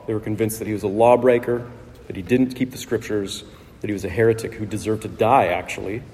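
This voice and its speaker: A man preaching a sermon in a relaxed, conversational way, with asides to the congregation. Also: mid-range voice. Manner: conversational, with asides and light laughs. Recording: long reverb of a large hall.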